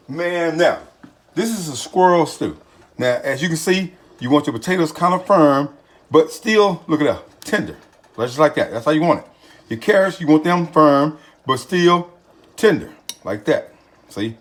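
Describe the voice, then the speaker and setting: A man hosting a home cooking video, talking folksy and excitable, with catchphrases aimed at his viewers. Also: fairly high pitch, normal speed. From Texas. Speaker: home cooking channel host. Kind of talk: casual cooking video talk. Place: home kitchen.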